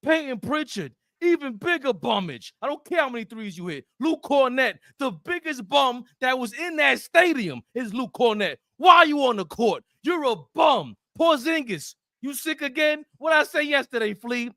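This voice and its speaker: High-voiced, hyped trash-talking man. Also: big pitch swings, normal speed, hardly any pauses, pushed and bright, dry recording, studio quality. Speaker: podcast co-host. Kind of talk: excited post-game sports talk.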